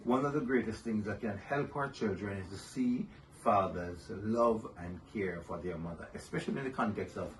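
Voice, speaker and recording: In a casual interview, an older male guest talks on the low side at normal speed, barely pausing. His manner is warm as he shares family stories, laughing frequently. Faint noise comes through a distant microphone.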